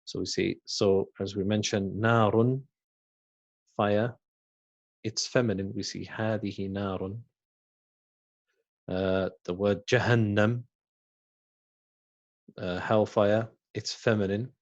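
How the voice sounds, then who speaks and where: A man teaching a beginners' Arabic class, slowly and patiently, saying each word again and then translating it. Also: lowish voice, fairly even intonation, highs cut off. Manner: slow and patient, repeats words and translates them. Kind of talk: recorded language lesson.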